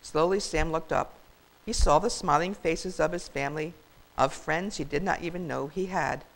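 Expressive older woman with gravelly voice. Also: deep voice, moderate pace, low-quality recording. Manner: warm, expressive, grandmotherly. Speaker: children's storyteller. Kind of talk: reading a children's story aloud.

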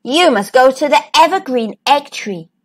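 A woman voicing a cunning old female pig stranger who bargains slowly and slyly in a storybook reading. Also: sits high, lively intonation. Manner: slow, wheedling, bargaining.

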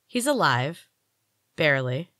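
A woman reads a tattooed teenage girl who mocks and menaces, voiced low and dry. She taunts slyly and takes her time. The part stays close to an audiobook reader's everyday storytelling voice. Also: very animated, measured pace, sharp tone, no room sound, full character voice. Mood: taunting. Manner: taunting, sly. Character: menacing, mocking tattooed teen girl with strange powers.

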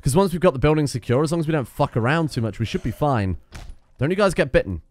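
A young man giving casual let's-play commentary, excitable, swearing and shouting at his teammates. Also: a little high, fast. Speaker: gaming video host.

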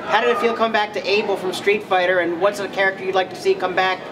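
A man in the audience haltingly asks a question of a panel guest. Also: high voice, flat delivery. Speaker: audience member asking a question. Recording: distant, noisy audience capture.

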